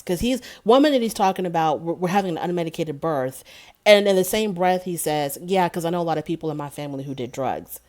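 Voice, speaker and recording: A woman's voice: sits low, darkish tone. A woman recapping a TV episode in casual commentary, sarcastic and indignant. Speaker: TV show reviewer.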